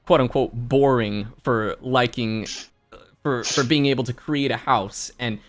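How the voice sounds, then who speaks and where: A man in his twenties chatting casually and jokingly on a game livestream, animated and chatty. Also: mid-range voice, measured pace, soft background music. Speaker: streamer and voice actor.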